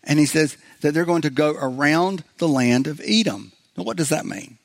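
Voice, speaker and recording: A pastor with a higher, expressive, creaky voice preaches at a moderate pace. His sermon is loose and conversational, full of fillers and restarts, and he acts out biblical voices with humor.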